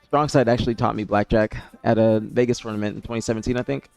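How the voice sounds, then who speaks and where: A man's voice: lowish voice, fairly even intonation, fast talker, creaky, a little mellow, clean tone. A man streaming live, chatting casually and reading viewer messages, rambling and repeating himself as he answers chat. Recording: dry close mic with faint music behind.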